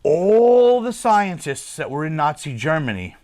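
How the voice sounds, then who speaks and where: High voiced host guy, swings his pitch all over, cussing n telling stories. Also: unhurried. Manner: animated storyteller, profane. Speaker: podcast host. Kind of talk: casual chat.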